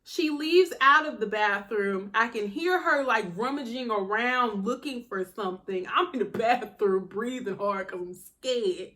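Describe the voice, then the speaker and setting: Brief: a young woman vlogger with a high voice, telling a personal story in a slangy, animated way. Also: measured pace, few pauses. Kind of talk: storytime vlog.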